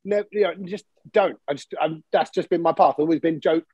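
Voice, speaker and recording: Brief: male podcast host, high, quick talker, husky and dry, animated storyteller. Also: no echo, dull audio. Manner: animated, acts out quoted voices. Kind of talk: casual chat.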